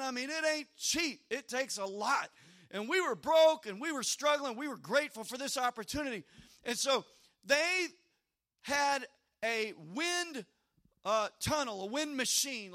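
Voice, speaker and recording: A middle-aged man, a pastor preaching a sermon, telling a personal story in an animated way and often repeating his words. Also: very high voice.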